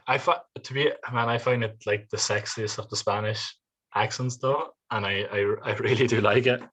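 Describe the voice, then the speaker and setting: An Irish man chatting casually as a podcast guest, animated and laughing often. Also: lowish voice, normal speed, slightly rough. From Ireland.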